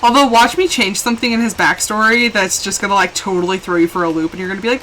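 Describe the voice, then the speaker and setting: A woman chatting casually while live-streaming a game, rambling and quick to laugh, switching between hushed asides and excited bursts. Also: mid-range voice, a little hiss or hum, poor audio.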